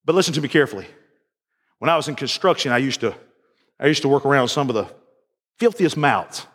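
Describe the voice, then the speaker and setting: A pastor preaches a sermon in a church sanctuary, folksy and emphatic, repeating his phrases. His mid-range voice is fairly bright, animated and quick. The large hall gives the recording a long reverb.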